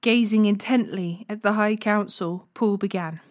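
A woman hosting a daily Bible reading, reading scripture in a measured, unhurried way. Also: medium pitch.

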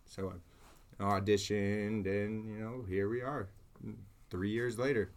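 A man's voice: on the low side, normal speed. A young man, the lead vocalist of a metal band, chatting casually in an interview with a laid-back, talkative manner. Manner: laid-back, chatty, says "for sure" a lot.

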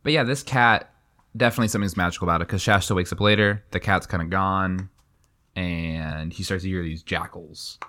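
A man's voice: low voice, fairly quick, pushed and bright. A young man co-hosting a casual book podcast, talking enthusiastically and rambling with many fillers. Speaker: podcast co-host.

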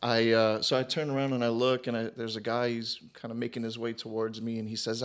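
A man's voice: mid-range voice, level tone, a little fast. A man, an online campus pastor, telling stories in casual chat with fillers. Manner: conversational storyteller, fillers.

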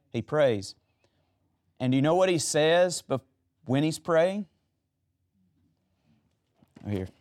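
A man's voice: medium pitch, clear, resonant tone. A man preaching a sermon, retelling Bible stories and asking the audience questions.

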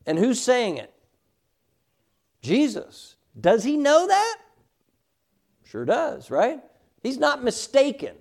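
A man's voice: very high voice, huge pitch swings, takes it slowly, creaky, long pauses, a little mellow. A middle-aged man teaching a Sunday school class, emphatic and often checking in with "all right?".

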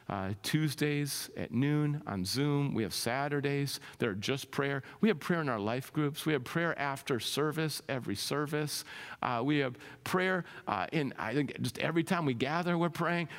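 A man pastor preaching an impassioned sermon, his voice swelling to loud peaks and dropping to soft, low lines. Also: normal speed, in a large hall.

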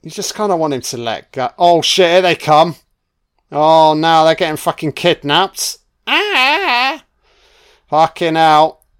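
A young British man reacting to a film as it plays, swearing constantly and calling out what happens on screen. His voice sits a little high for a man and comes through smooth and clear. He talks at an unhurried, drawn-out pace. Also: fairly even intonation. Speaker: film commentator. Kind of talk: live film reaction commentary.

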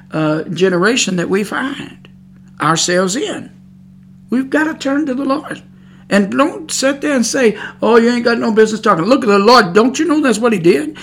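A woman preaching on a podcast, emphatic and scolding, repeating her points. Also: on the high side. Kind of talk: preaching monologue.

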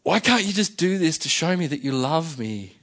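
A man's voice: fairly high pitch, sing-song, normal speed, fairly bright tone. A man putting on his exasperated nagging wife. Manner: exasperated, pleading questions. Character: frustrated nagging wife, adult woman.

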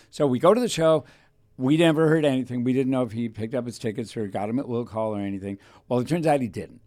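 A man's voice: medium pitch, fast talker, a little mellow. A man telling a long rambling anecdote in casual chat, acting out the voices of people in the story. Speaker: radio host.

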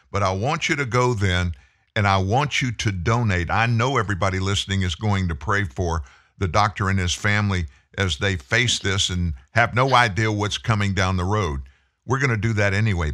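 Male host, low and forceful, urging the audience. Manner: emphatic, urging listeners. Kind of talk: talk show interview.

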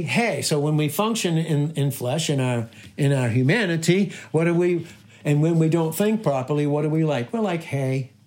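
A man's voice: fairly high pitch, a little mellow. A man preaching a sermon, emphatic and repetitive, firing off rhetorical questions to his listeners. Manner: repeats and stresses key phrases. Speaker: pastor.

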